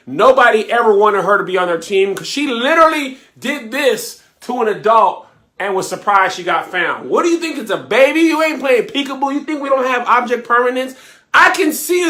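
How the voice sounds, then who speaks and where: A woman's voice: high-pitched, lively intonation, normal speed, a bit bright. A woman giving a comedic video rant, sarcastic and mocking. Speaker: viewer commentator.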